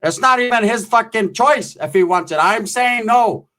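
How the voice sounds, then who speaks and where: A man voicing his bossy, foul-mouthed middle-aged aunt who flatly refuses everything. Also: sits high, normal speed, pitched above the performer's own voice. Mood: scornful. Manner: blunt, scornful, cursing.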